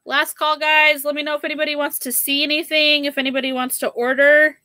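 A woman's voice: high-pitched, flat delivery, fast talker, pushed and bright, no room sound, studio quality. A young woman hosting a live sale stream, chatting casually with viewers and often saying "like" and "girl". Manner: chatty, says "like" and "girl" a lot. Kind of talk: casual livestream chat.

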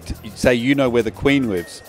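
A man's voice: medium pitch, normal speed, soft background music. A man hosting a radio segment, teasing and laughing as he directs his co-host. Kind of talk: playful radio banter.

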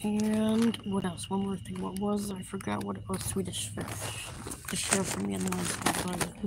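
A woman's voice: medium pitch, level tone, normal speed, creaky. Rambling giggly woman in a noisy store. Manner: rambling, giggly, talks to herself. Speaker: vlogger. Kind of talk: casual chat while shopping. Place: inside a busy store.

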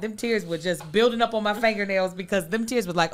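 A woman co-hosting a casual comedy podcast, playful and quick to laugh as she acts out dialogue. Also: medium pitch, a bit bright. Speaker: podcast co-host.

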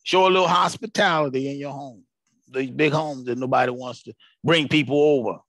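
A man's voice: medium pitch, a little fast, a bit bright, no echo. A man preaching an informal sermon broadcast, colloquial and emphatic, repeating his phrases for weight.

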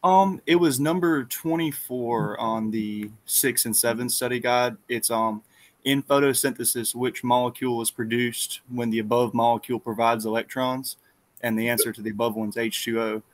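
A male student asks his instructor about a study guide question, pausing and thinking aloud as he works it through. His voice sits at an average pitch and sounds dry and close. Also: fairly even intonation, dry recording. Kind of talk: asking questions in an online class.

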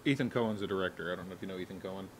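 A man's voice: low-pitched, racing, slight background noise. A man co-hosting a podcast, telling stories in casual chat and laughing often. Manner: animated storyteller, laughs often. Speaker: podcast co-host.

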